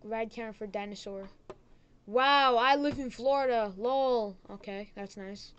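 A woman's voice: on the high side, measured pace, dull audio, slight background noise. A woman hosting her own gaming channel, giving goofy, chatty let's-play commentary at home that swings from muttered whispers to sudden squeals.

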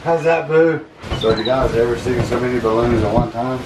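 A man's voice: medium pitch, moderate pace. A man who owns pet monkeys narrates a casual vlog in a playful, chatty way, laughing often and talking to the animals. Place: indoor room filled with balloons. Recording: echoey room, distant mic, background noise.

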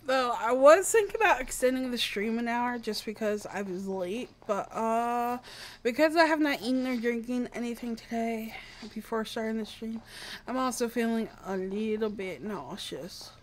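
A woman's voice: a little high, normal speed. A young American woman streaming a game, chatting casually and playfully, a bit dramatic by her own account. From US East Coast. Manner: playful, self-described dramatic. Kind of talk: casual live-stream chat.

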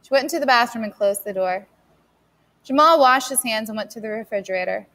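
Woman audiobook narrator, steady storytelling, higher pitch. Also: a little fast. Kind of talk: scripted narration.

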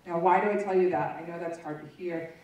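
A woman's voice: fairly low pitch, steady tone, a little fast, a little mellow, dull audio. A woman presenter giving a candid personal testimony to an audience, speaking in a frank, conversational storytelling way. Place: large meeting room. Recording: echoey room, voice from far off.

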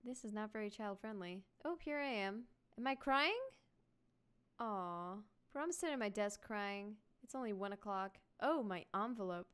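A young woman hosting a let's-play, reacting in a bubbly, giggly, excitable way while she plays. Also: medium pitch, moderate pace, clean tone. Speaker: gaming video host.

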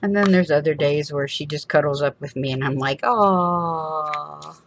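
Woman, 50s, low voice, rambling chatty manner, laughs a lot, casual craft chat. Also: a little fast, a little mellow, a little hiss or hum. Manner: rambling, chatty, laughs often, acts out little quoted voices. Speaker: craft channel host.

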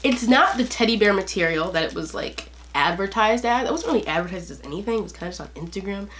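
A woman's voice: medium pitch, lively intonation, fast, a bit bright, slight background noise. A teenage girl rambling in a casual, chatty way through an unboxing, full of fillers. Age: teens. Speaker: vlogger.

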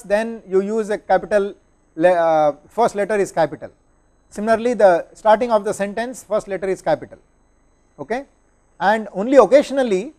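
A man's voice: high voice, darkish tone. A man, lecturing and answering questions, explaining step by step and often checking understanding with "right?" and "okay?".

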